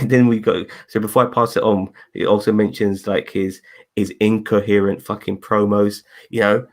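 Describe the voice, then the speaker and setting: A man with a fairly low voice hosts a loose online chat. He rambles, swears freely and stops to correct himself mid-sentence. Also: steady tone, moderate pace. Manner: rambling, profane, self-correcting. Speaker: podcast host. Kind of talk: casual group review chat. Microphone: video call.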